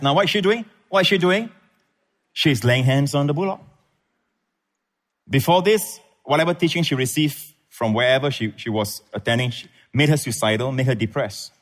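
A man preaching a sermon as pastor, emphatic, swinging between loud peaks and low asides. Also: animated, moderate pace. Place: church.

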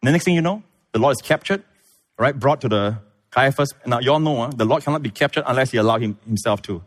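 A man preaching a sermon, retelling scripture with lively storytelling and acted-out voices. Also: fast talker. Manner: animated storytelling, acts out voices, big pitch swings. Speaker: pastor.

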